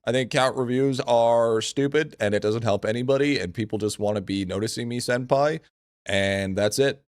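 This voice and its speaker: A man's voice: medium pitch, fairly quick, clear, resonant tone, no echo, studio quality. A man streaming a game live, chatting casually with viewers in a blunt, profane way and repeating his phrases.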